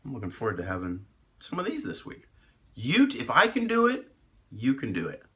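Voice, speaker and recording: A man's voice: mid-range voice, huge pitch swings, a little fast, a bit bright, low-quality recording. A man, a doctor, chatting casually through a cooking vlog in his home kitchen, upbeat and self-deprecating. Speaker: doctor vlogging about meal prep. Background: kitchen sizzle.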